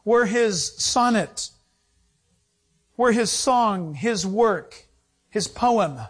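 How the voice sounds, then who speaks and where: A middle-aged male pastor preaching a sermon, animated, acting out little scenes with laughter. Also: high voice, very slow, breathy edge. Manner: animated, acts out voices with laughter.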